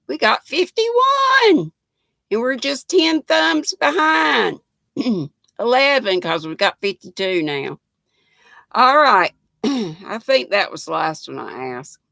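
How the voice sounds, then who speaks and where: An older Southern woman drawls slowly through a chatty live stream, her voice bright and edged with gravelly fry. She greets viewers by name in a homey, folksy way, recorded close and dry. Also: mid-range voice, very animated, no room sound. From North Carolina. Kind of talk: casual live-stream chat reading viewer comments.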